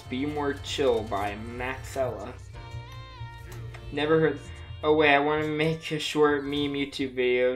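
A woman chatting casually on a gameplay livestream while feeling sick with a dry throat, giggling often and mocking herself. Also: extremely low pitch. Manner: giggly, self-mocking, frequent laughter and exclamations.

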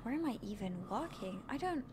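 With a fairly high, expressive voice and a slightly fast pace, a woman gives live gameplay commentary over background noise. She's giggly and self-mocking, joking playfully with her viewers and laughing at her own humor.

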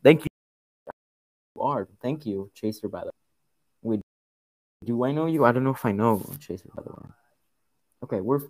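A man's voice: fairly low pitch, a little mellow, dry recording, low-quality recording. A young man streaming a horror game, thanking followers and repeating himself nervously as he plays. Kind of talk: casual live game commentary.

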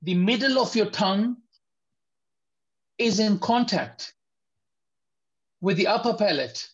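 His voice sits high and sounds expressive, muffled by the recording, as he teaches tajweed online. Patient and unhurried, this Quran recitation teacher repeats each letter sound slowly and makes sure the students are following by asking if it is clear.

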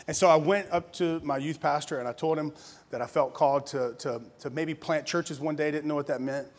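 A man's voice: a little high, brisk. A pastor in his thirties from Louisiana, telling his testimony in a conversational sermon with laughs and restarts. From Louisiana, USA. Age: 30s. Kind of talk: conference sermon, personal testimony.

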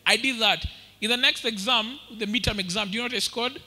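Bright-voiced Kenyan preacher. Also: male voice, very high-pitched, fast talker. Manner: lively storytelling, mixing English with Swahili. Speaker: pastor. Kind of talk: sermon. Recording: reverberant church hall.

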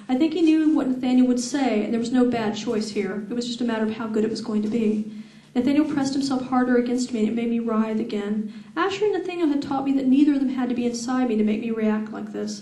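A woman author reading her novel aloud at a live event, steady with laughing asides. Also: on the high side, distant mic. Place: event room with audience. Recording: echoey event room.

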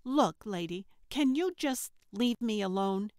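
A woman voicing a sharp-tongued young woman dancer who sounds snappish and incredulous. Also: medium pitch, lively intonation, slow, no room sound, clean studio sound, voice pushed up.

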